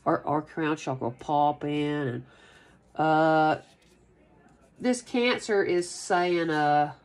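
Rambling, excitable woman tarot reader. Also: deep voice, slow. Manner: rambling, excitable, repeats phrases, swears casually. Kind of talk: casual tarot reading monologue.

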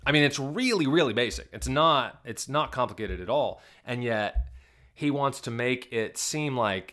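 A man's voice: medium pitch, lively intonation, moderate pace, a bit bright. A male pastor giving video reaction commentary, emphatic and indignant, firing rhetorical questions at his viewers. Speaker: Southern Baptist pastor.

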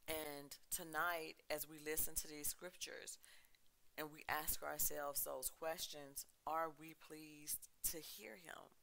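A man preaching a sermon with emphatic, chant-like repeated lists, reading scripture with dramatic pauses. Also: a little high, gravelly, sharp tone, low-quality recording. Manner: reads scripture dramatically, slowing and dropping his voice.

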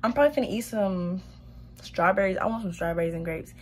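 A woman's voice: mid-range voice, fast, darkish tone, slight background noise. Chatty young woman vlogging, out of breath. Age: young adult. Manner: chatty, laughs often, says y'all a lot. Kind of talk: casual vlog chat to camera.

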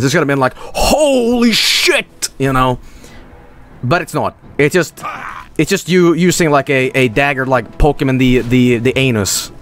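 Streaming a video game, this man keeps up a rambling, profane running commentary, punctuated by abrupt high-pitched yelps. His tone is fairly bright.

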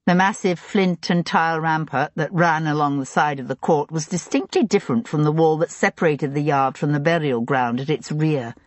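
A woman narrating an audiobook in a steady, even way. Her voice is low and a little husky. It sits close and dry on the mic. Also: moderate pace, hardly any pauses, no room sound.

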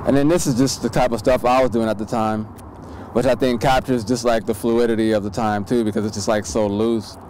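A man's voice: medium pitch, fairly even intonation, brisk, darkish tone, a little hiss or hum. A man from Seattle reminiscing in a loose, rambling interview, often asking "you know what I mean".

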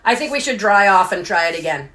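A woman's voice: mid-range voice, expressive, quick pace, fairly bright tone. A woman teaching children's songs on a live stream, cheerful and sing-song, breaking into songs and silly sounds. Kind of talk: singing songs and chants for kids on a live stream.

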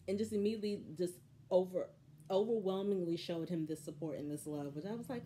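A woman hosting a casual recap of a reality show, telling the story in an animated, opinionated way. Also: lowish voice, fairly quick, slight background noise.

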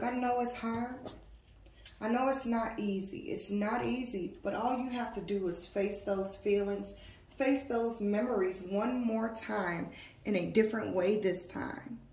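A woman giving an intuitive tarot reading to her viewers, earnest and emotional, with slow, emphatic affirmations. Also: medium pitch, vocal fry, a little mellow, echoey room. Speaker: tarot reader.

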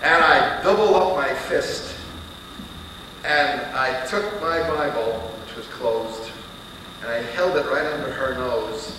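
A man preaching and telling a story in a dramatic, animated way. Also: mid-range voice, slow pace. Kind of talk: sermon storytelling. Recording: echoey hall recording from far off, with hiss.

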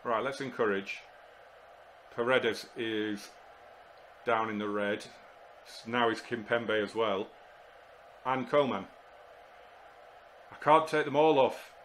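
A man commentating live on his football management game, exasperated and muttering to himself, with sudden shouts when goals go in. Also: medium pitch, slow, long pauses, slight background noise. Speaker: gaming YouTuber.

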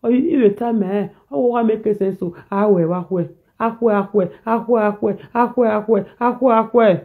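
A Nigerian man delivers a preachy, repetitive rant in a reaction video, moving between pidgin and a local language. His voice sits high. The sound is thin and tinny, like a phone line. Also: a little fast. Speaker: social media commentator.

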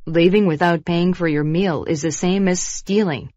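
A stern police officer, as a woman reads the part in a storybook lesson, matter-of-fact and scolding. The voice sits somewhat low and sounds dry and a bit dull. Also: normal speed, a little mellow, no echo, close to an everyday voice.

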